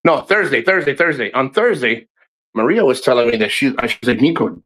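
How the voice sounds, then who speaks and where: Man, mid-pitched, casual livestream rant, profane and rambling, animated storyteller. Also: fairly quick. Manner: animated storyteller who acts out quotes.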